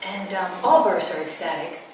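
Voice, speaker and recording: A woman's voice: fairly low pitch, moderate pace. A woman in her sixties, a midwife, telling stories at a workshop and laughing often. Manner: laughs often, lively storyteller. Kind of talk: storytelling talk at a workshop. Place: room at a workshop with listeners. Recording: very echoey room, distant mic, noisy.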